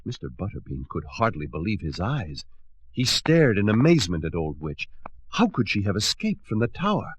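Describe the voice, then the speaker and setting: A man reading a children's storybook aloud with expressive, dramatic narration. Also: lowish voice, moderate pace, husky, lo-fi sound.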